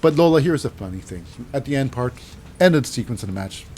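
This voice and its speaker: A man's voice: mid-range voice, lively intonation, quick pace, dark tone, slight background noise. A man casually recapping wrestling matches in a rambling, wry way with lots of fillers.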